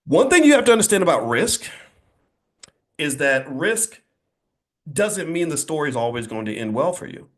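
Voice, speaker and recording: Animated, emphatic male motivational speaker. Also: on the high side, moderate pace, pauses often. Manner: emphatic, preacher-like cadence with repetition; folksy, blunt asides. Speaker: motivational speaker addressing a live audience. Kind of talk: motivational speech.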